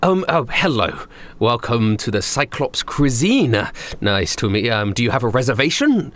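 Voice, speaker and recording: A man's voice: mid-range voice, sing-song, normal speed, fairly bright tone. A man voicing a polite, slightly condescending male maître d' at a fancy restaurant. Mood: prim. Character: fussy, snooty male maître d'.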